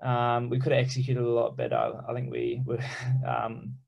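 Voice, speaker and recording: A young Australian man, a rugby player, talking casually in an interview with a relaxed, halting delivery full of ums. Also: medium pitch, vocal fry, dull audio. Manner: relaxed, halting with many ums, easy laughs. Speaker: professional rugby player, guest.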